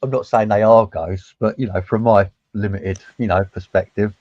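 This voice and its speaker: Chatty man, mellow voice, muffled dull call audio. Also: lowish voice, fairly even intonation, moderate pace, dry recording. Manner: chatty, repeats words as he starts. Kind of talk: casual chat on a group live call.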